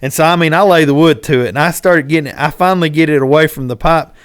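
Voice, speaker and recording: A man, hosting a podcast and telling a fishing story in casual chat, animated and acting out what people shouted. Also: a little high, fast talker, smooth, dry recording, clean studio sound. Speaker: podcast host.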